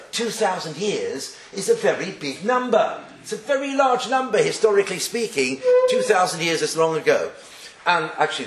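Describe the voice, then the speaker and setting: A man teaching a class on Jewish texts, joking and putting rhetorical questions to his students. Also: fairly high pitch. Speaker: Torah teacher. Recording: echoey room.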